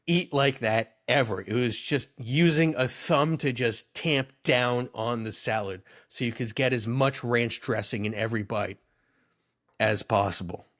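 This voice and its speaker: A man's voice: mid-range voice, unhurried. Rambling, amused man in his thirties. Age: 30s. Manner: rambling storyteller, amused and animated. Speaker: podcast co-host. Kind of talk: casual chat.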